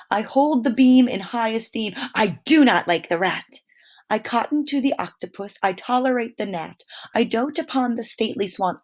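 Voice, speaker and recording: Expressive woman teacher reading to kids. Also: medium pitch. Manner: expressive read-aloud, dramatizes poems. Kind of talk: recorded online lesson for children.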